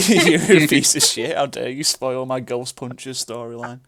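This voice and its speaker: A man's voice: mid-range voice, moderate pace, crowd noise. A man hosting a podcast, teasing his co-hosts and laughing often in loose, casual chat. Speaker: podcast host.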